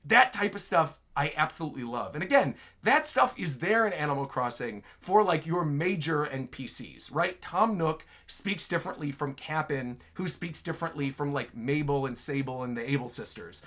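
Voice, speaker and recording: A man hosts a casual gaming show and answers viewer questions with easy enthusiasm. His voice sits a bit higher than most men's, and his delivery is loose and chatty, peppered with "like" and "right?". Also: expressive, moderate pace, few pauses, fairly bright tone.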